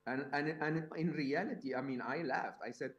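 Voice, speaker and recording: A man's voice: a little high, moderate pace, highs cut off. Man giving a conversational talk. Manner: conversational, frequent fillers and rhetorical questions. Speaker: summit speaker. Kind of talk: live talk to an audience. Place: event hall.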